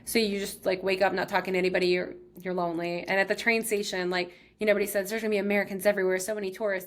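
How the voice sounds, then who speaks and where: A woman's voice: medium pitch, level tone, racing, hardly any pauses. Chatty woman from Texas telling a story. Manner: chatty, heavy use of "like". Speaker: podcast host. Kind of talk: casual storytelling.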